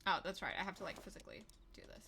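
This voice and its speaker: A woman's voice: lowish voice, wildly swooping pitch, very fast, vocal fry, bright, forceful tone, slight background noise. A young adult woman livestreaming a horror game, giving casual, chatty gameplay commentary full of crude, self-mocking asides.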